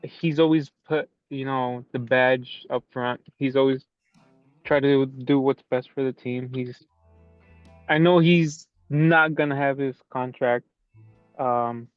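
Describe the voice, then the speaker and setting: A man's voice: medium pitch, steady tone, slow pace, smooth, no echo, dull audio, faint music behind. A man co-hosting a football podcast, talking casually and hesitantly with many fillers. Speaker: podcast co-host.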